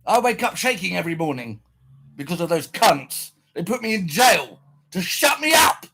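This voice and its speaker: A man's voice: high-pitched, animated, moderate pace, a bit bright, a little hiss or hum. A man delivering an angry, swearing, repetitive rant to his viewers. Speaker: streamer addressing viewers. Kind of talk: heated rant to camera.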